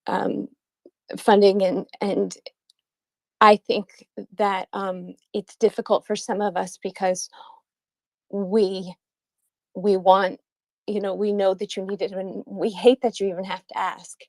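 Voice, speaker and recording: An American woman calling in to a live audio chat, speaking in an apologetic, halting way with sighs and pauses. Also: medium pitch, little pitch movement, no room sound. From United States. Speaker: caller.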